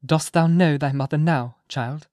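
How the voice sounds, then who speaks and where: A man's voice: a little high, normal speed, a little mellow, no echo, clean studio sound, voice pushed up, natural voice. A man voicing a troubled young mother who speaks in a raised, pleading tone. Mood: sad.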